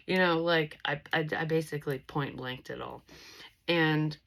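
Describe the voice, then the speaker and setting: A woman's voice: sits low, fairly even intonation, normal speed, vocal fry, a bit bright, poor audio. A young woman vlogger telling a personal story in a blunt, casual way, swearing freely and restarting her sentences. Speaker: psychic medium vlogger.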